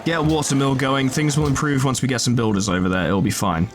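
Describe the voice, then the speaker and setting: A man's voice: medium pitch, fairly even intonation, fast talker, few pauses, soft background music. Joking, sweary male gamer. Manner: joking, sweary, talks to the game units. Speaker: gaming video host. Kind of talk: casual let's play commentary.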